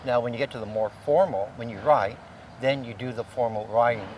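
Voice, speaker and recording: A man's voice: medium pitch, slight background noise. Patient male language teacher, distant mic. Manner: patient, explains slowly with many "uh" fillers. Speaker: Chamorro language instructor. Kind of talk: conversational language lesson.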